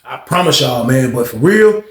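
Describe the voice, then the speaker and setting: Gravelly man telling a story. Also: normal speed. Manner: animated, acting out voices with big pitch jumps. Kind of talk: casual storytelling. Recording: echoey room.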